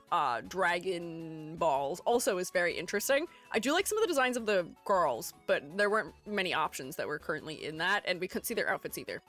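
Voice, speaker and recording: A woman with a low-leaning, slightly bright voice streams herself critiquing art in easygoing chat. She wanders from point to point, giggling and poking fun at herself.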